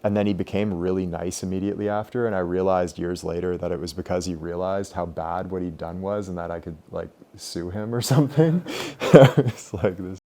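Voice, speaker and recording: A man's voice: deep voice, fairly quick, few pauses. A young man leading a group meditation class in a casual, loose way, full of filler words. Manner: relaxed, loose, many "like" fillers. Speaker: meditation teacher.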